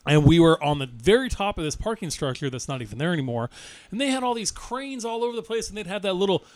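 A man's voice: high voice, sing-song, quick pace. A man in his forties telling profane stories in casual chat, laughing as he talks.

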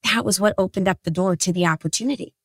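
A woman in her thirties hosting a podcast, telling a story about herself in a chatty, animated, self-deprecating way. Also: lowish voice, fast, slightly rough, dry recording. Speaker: podcast host. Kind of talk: casual storytelling monologue.

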